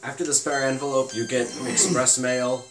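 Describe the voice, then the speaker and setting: A man's voice: mid-range voice, moderate pace. A young man co-commentating a game, dryly telling the player what to do next. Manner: instructive, dry, gives directions. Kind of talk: casual gameplay commentary. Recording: roomy sound with game music.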